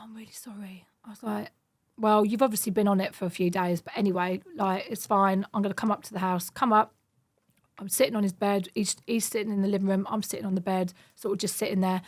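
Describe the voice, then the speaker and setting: Fast-talking woman telling her story. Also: medium pitch. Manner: fast, vivid retelling that acts out quoted dialogue. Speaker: podcast guest. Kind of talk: personal storytelling in conversation.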